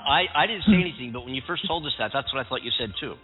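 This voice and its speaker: A man's voice: medium pitch, expressive, rapid-fire, over a noisy crowd. A man hosting a talk show, enthusiastic and repeating himself as he introduces a guest. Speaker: host. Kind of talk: radio-style show hosting. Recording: tinny phone-like line with faint music.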